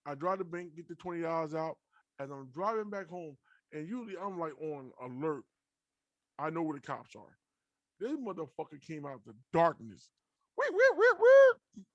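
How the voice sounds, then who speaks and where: A young adult man hosting a podcast, telling personal stories casually with lots of swearing and animated retelling. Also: on the high side, normal speed, no echo. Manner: profane, animated anecdote telling. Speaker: podcast host. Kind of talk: casual storytelling.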